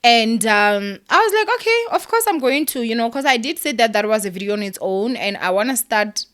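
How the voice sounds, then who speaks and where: A woman's voice: on the high side, expressive, brisk, a bit bright. A young woman talking candidly to her viewers, heartfelt and close to tears, with many ums and likes. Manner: emotional, heartfelt, near tears, with many fillers. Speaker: vlogger. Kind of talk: candid vlog talk to camera.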